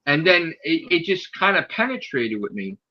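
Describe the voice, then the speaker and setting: Man, husky, bright, animated profane storyteller, dull lo-fi audio. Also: fairly high pitch, normal speed. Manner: animated, profane, acts out quoted people in raised shouting voices. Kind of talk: casual storytelling.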